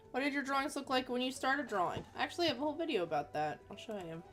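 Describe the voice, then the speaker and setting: A woman's voice: high-pitched, big pitch swings, racing, a bit bright, soft background music. A woman in her thirties, an artist chatting casually with viewers while drawing, rambling and self-deprecating. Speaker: artist hosting a chat stream.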